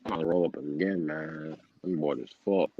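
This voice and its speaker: A man's voice: rumbling low, moderate pace, slight background noise. A young man, telling a story about his boss in casual, profane chat and acting out the heated exchange. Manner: profane, animated storytelling with quoted outbursts. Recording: dull, lo-fi sound.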